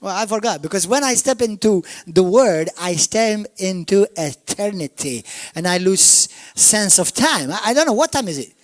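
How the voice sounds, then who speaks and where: A man with a Maltese accent preaching a sermon, emphatic, swinging from shouts down to murmurs. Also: sits high, expressive, normal speed, no echo. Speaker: pastor. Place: church.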